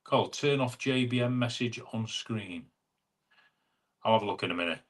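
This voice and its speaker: A man hosting a casual live chat, reading out viewer comments and calling people mate. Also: fairly low pitch. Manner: chatty, calls viewers mate, quick asides. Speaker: livestream host. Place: home room. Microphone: wireless clip-on mic.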